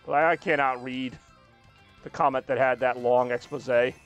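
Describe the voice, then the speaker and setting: A man's voice: medium pitch, steady tone, normal speed, lo-fi sound, soft background music. A young man streaming a racing game, chatting loosely, joking and reacting to comments from his chat. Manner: rambling, jokey, reacting to chat.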